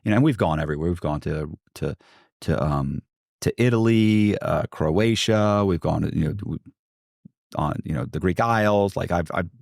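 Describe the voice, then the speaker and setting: A man's voice: low voice, moderate pace, vocal fry, darkish tone, no room sound, studio quality. A middle-aged American man, a podcast guest, telling a long story in a rambling way with many restarts and asides. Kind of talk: casual storytelling.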